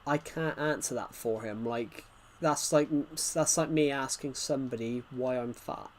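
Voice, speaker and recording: A man's voice: mid-range voice, unhurried, a little hiss or hum. A man streaming gameplay live, rambling chattily and answering chat messages, his nose bothered by hay fever.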